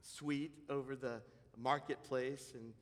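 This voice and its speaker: A man preaching a sermon, exhorting emphatically and swinging from loud declarations to hushed asides. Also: medium pitch, steady tone, slow. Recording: long hall reverb.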